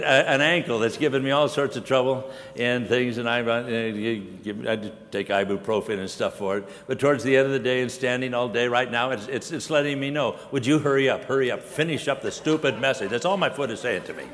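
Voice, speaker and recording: A man's voice: mid-range voice, brisk, hardly any pauses, fairly bright tone, in a large hall. An older man preaching a sermon in a folksy, rambling way, with many fillers. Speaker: pastor. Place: conference hall.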